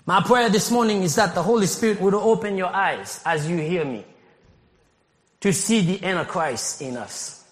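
High-voiced pastor from Haiti preaching. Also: male voice, normal speed. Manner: animated, rises to shouting, laughs often. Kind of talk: sermon. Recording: long hall reverb.

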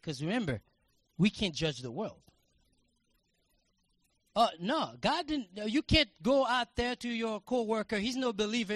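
A man preaching a sermon, telling everyday stories in a casual way and building to passionate shouts. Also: high voice, sing-song, normal speed, no echo. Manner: conversational storytelling, rising to passionate shouting.

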